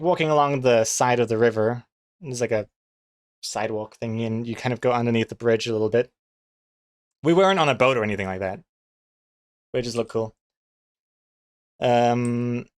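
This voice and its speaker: A man, chatting casually on a live stream and telling rambling anecdotes with chuckles and fillers. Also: mid-range voice. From New Zealand.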